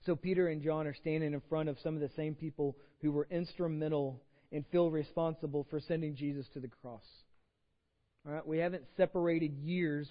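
A man with a Texan accent preaching a casual, conversational sermon and reading scripture aloud. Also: fairly high pitch. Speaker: pastor. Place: church sanctuary. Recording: dull sound with long hall reverb.

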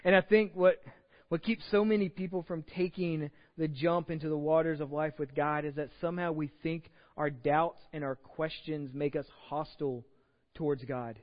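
Man, pastor, sermon, casual and self-deprecating, somewhat high voice, long hall echo. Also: steady tone, normal speed. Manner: conversational, self-deprecating preaching with acted-out quotes. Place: church sanctuary. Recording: dull sound with long hall reverb.

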